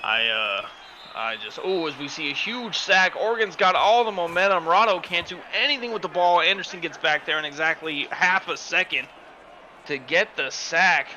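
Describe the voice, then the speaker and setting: A man doing play-by-play commentary for a simulated football game, excitable and bursting into shouts on big plays, his home microphone distorting when he yells. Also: fairly high pitch, moderate pace, lo-fi sound. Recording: loud game crowd and noise underneath. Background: stadium crowd sound from the game.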